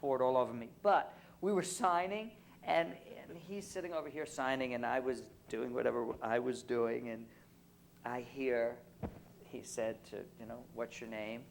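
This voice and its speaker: A man on stage at a convention Q&A, a publicist telling anecdotes in an animated, teasing way with frequent laughs. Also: mid-range voice, moderate pace, gravelly, slight background noise. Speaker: guest speaker, publicist. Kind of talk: casual convention Q&A storytelling.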